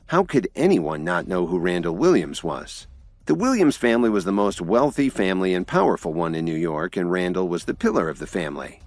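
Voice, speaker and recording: A man narrating a scripted audio drama with expressive storytelling. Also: low voice, fairly quick, dry recording, clean studio sound.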